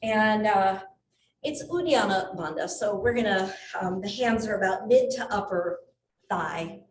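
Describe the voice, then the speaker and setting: A woman yoga instructor guiding a class with calm, unhurried cues and occasional laughing asides about herself. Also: mid-range voice. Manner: calm cueing with light self-laughing asides. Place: athletic club studio. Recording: roomy echo from far off, faint ambient noise.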